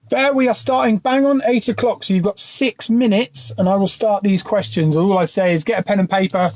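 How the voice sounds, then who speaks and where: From inside his van, a UK man hosts a casual pub quiz livestream, talking into his phone and greeting viewers by name. His voice is high-pitched with a darkish tone.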